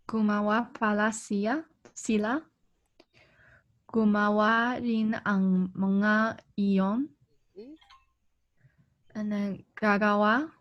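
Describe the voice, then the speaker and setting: Woman student, slow and careful reader, coming through on muffled lo-fi call audio. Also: mid-range voice. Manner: careful, hesitant reading aloud. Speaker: language student. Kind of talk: one-on-one online lesson.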